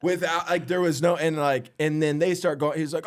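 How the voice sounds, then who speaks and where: A young man, a stand-up comic co-hosting a podcast, telling a story in lively bursts and laughing as he goes. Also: on the high side, normal speed, no echo, studio quality. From Florida. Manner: animated storyteller, laughs mid-sentence. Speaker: stand-up comedian and podcast co-host. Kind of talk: casual podcast chat.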